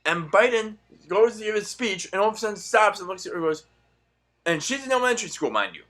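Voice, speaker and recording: A young man ranting in a profane, sarcastic monologue, swinging between loud outbursts and muttered asides. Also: high-pitched, expressive, fast. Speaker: political commentary vlogger.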